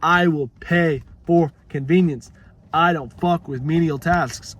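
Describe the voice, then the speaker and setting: A man's voice: a little high, slow pace, slight background noise. A young man talking casually to his vlog audience, rambling and swearing freely in a laid-back way. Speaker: vlogger.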